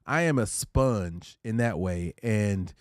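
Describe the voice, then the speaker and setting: A man hosting a casual livestream, talking through relationship advice in an easygoing, preachy way and shouting out his chatters by name. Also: lowish voice, takes it slowly, dry recording, studio quality. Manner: reads out viewer comments and shouts out chatters; laid-back, conversational, preachy about relationships. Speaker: livestream host.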